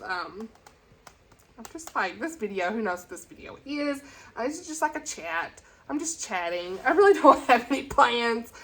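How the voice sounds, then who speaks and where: A woman from talks to camera in an unscripted, rambling way. She gushes about what she loves and keeps her pitch right in the middle. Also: bright, forceful tone. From Tennessee, USA. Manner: chatty and rambling, with gushing enthusiasm. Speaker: book vlogger. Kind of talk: casual chat.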